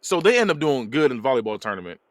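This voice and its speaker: Animated man recapping a movie. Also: mid-range voice, rapid-fire, no echo. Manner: animated storyteller, laughs often. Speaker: podcast host. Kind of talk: casual movie recap chat.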